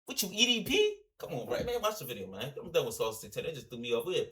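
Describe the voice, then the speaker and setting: Animated man ranting in a reaction video. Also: on the high side, fast. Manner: animated, rambling, slangy, repeatedly addresses viewers. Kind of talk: casual reaction commentary.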